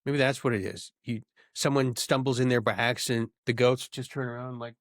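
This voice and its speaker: A man co-hosting a podcast, rambling through jokey theories and thinking out loud in casual chat. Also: medium pitch, fairly even intonation, fairly quick, no echo, clean studio sound. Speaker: podcast co-host.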